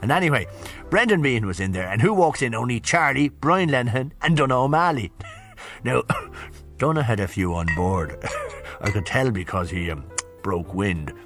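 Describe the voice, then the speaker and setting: An actor playing a boastful older businessman who tells crude pub anecdotes, laughing loudly at his own stories. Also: medium pitch, lively intonation, moderate pace, over music, close to an everyday voice. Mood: boisterous. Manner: boisterous, laughing, crude storytelling. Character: boastful older Dublin businessman, rowdy raconteur. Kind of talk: radio comedy sketch.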